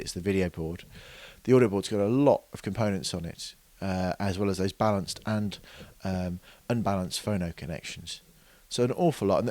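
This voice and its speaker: A man's voice: on the low side, darkish tone, no room sound. A man explaining product features in an unscripted demonstration, hesitant with many fillers and restarts. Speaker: product reviewer.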